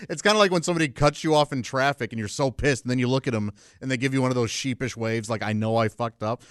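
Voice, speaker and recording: A man's voice: medium pitch, quick pace, fairly bright tone, dry recording, studio quality. A man, a stand-up comedian, chatting as a guest and laughing between rambling stories. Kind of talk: casual interview chat.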